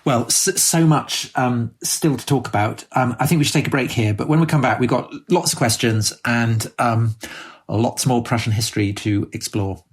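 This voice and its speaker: A man co-hosting a podcast, speaking with a slightly husky voice at an ordinary pitch. He welcomes listeners and poses questions politely, with restarts and hesitations. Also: normal speed. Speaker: podcast co-host. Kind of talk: casual chat.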